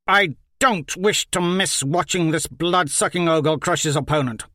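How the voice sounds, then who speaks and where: A man's voice: a little high, moderate pace, no echo, clean studio sound, pitched above the performer's own voice. A man doing a scornful, arrogant lord. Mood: gleeful. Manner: scornful, loud, commanding. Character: arrogant cruel male lord, mocking.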